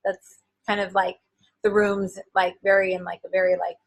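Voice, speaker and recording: A woman in her forties, a guest and author, chatting in an interview in an animated, enthusiastic way with lots of filler words. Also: mid-range voice, normal speed, rough recording. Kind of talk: casual interview chat.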